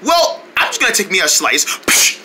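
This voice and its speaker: Wildly animated, bright cartoon voice. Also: medium pitch, moderate pace, slight background noise. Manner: switches voices, excitable outbursts and shouting. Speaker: cartoon creator voicing every character. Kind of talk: comedic cartoon voice acting with parody ads.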